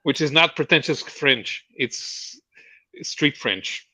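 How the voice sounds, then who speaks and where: A man on a podcast chatting casually and firing back quick retorts. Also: on the high side, animated, sharp tone, husky. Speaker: podcast guest. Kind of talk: casual chat.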